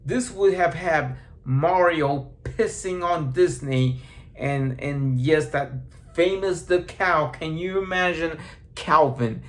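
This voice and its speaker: A man giving a casual movie review, rambling and halting, with frequent restarts and fillers. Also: a little high, fairly bright tone.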